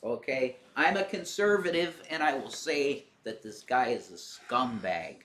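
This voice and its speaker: A man's voice: medium pitch, lively intonation, unhurried, a bit bright, a little hiss or hum. Man, casual chat, earnest, questioning, roomy echo.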